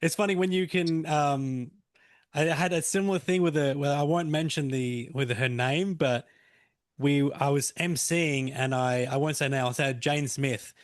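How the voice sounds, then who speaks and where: A man hosts a comedy podcast in a relaxed, easygoing way, answering his guest with quick yeahs and laughs. His voice sits a little high, and the recording is close and dry. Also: dry recording. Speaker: podcast host. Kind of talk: casual chat.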